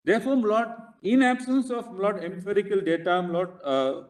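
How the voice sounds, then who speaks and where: Indian advocate peppering "Lord" everywhere. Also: male voice, high voice. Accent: Indian English. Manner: inserts "Lord" into nearly every phrase, halting and insistent. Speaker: advocate arguing before a court bench. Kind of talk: courtroom legal argument. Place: courtroom. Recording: echoey courtroom audio picked up from a distance.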